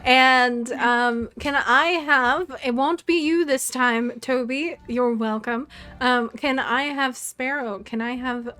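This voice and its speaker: A woman's voice: high-pitched, fairly even intonation, takes it slowly, pushed and bright, smooth. A woman running a tabletop game as game master, narrating chaotic scenes in a playful, rambling way with many fillers.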